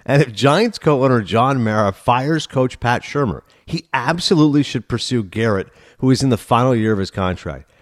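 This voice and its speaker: A man co-hosting a sports podcast, chatting casually and reading news items aloud in a quick, lively way. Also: medium pitch, no echo, studio quality. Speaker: podcast co-host.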